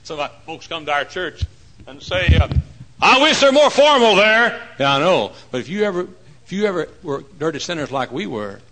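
A man preaching a lively sermon in a church, bursting into shouts and putting on voices. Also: fairly high pitch, brisk, poor audio.

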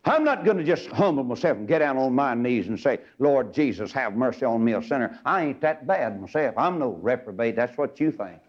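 A man preaching a fiery old-time sermon, acting out Bible characters in sudden shouts. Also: medium pitch, lively intonation, fairly quick, hardly any pauses, muffled recording.

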